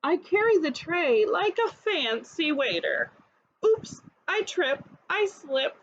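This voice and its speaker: Animated, high-voiced preschool teacher. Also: female voice, slow, lo-fi sound, slight background noise. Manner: coaxing, asks children to repeat words. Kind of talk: reading a picture book aloud to children.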